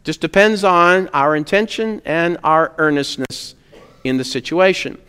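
A man's voice: a little high, expressive, unhurried, sharp tone, clear, resonant tone, big-room sound. A man preaching a sermon as a pastor, earnest and conversational, rising to emphatic peaks on key points.

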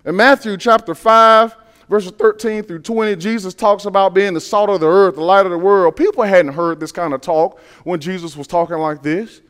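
A male preacher delivers a sermon in a high-pitched, smooth, ringing voice. He speaks emphatically, repeating key phrases and putting rhetorical questions to his congregation. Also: steady tone, normal speed, a bit bright.

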